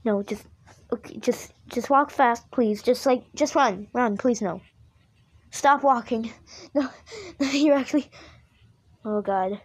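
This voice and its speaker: A woman's voice: fairly high pitch, takes it slowly, long pauses. A woman doing casual reaction commentary, frightened, pleading with the screen and repeating herself. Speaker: reaction video host.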